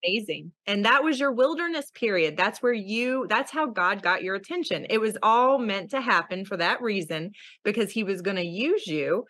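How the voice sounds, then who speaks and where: A woman's voice: mid-range voice, animated, moderate pace, a bit bright, no room sound. A woman hosting an interview, speaking in an earnest, affirming way. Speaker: host. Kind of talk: interview talk.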